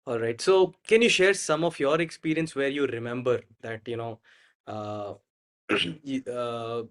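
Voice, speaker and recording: Male podcast host, mid-pitched, feels his way through questions. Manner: halting, searching questions. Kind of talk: interview questions.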